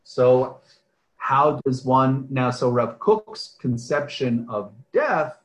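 A man's voice: mid-range voice, lively intonation, slow pace. Man lecturing on a video call, echoey. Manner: discursive, often adds "right?" and "um", restarts phrases. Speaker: teacher leading an online class. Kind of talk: online lecture with questions from the chat.

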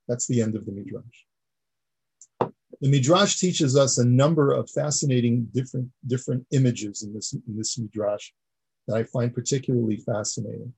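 A man's voice: medium pitch, dark tone, husky, rough recording. A man teaching a class, explaining earnestly and repeating words as he builds each point. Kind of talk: classroom lecture.

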